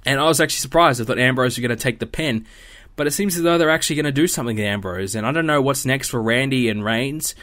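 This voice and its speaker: A man's voice: medium pitch, quick pace, a bit bright. A young man hosting a podcast, talking casually on his own with lots of "you know" fillers and restarts. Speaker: podcast host. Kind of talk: casual solo commentary.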